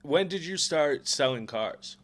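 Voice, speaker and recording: A man's voice: fairly high pitch, lively intonation, a little slow, a bit bright. A man hosting a podcast, asking questions in a laid-back, profane way and laughing along. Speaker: podcast host. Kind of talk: casual interview chat.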